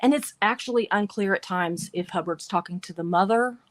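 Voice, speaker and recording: A woman's voice: mid-range voice, a little fast, no room sound. A woman hosting a livestream, reading passages aloud and adding wry asides between them. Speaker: livestream show host.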